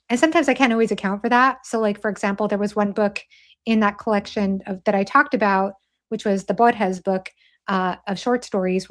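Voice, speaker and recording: A woman guest in a casual discussion, earnest and filler-heavy, explaining her views. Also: medium pitch.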